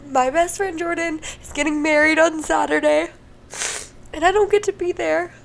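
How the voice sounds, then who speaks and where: A woman's voice: sits high, steady tone, normal speed, gravelly, slight background noise. A young woman hosting a casual solo podcast, emotional and crying, laughing through tears and swearing freely. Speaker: podcast host.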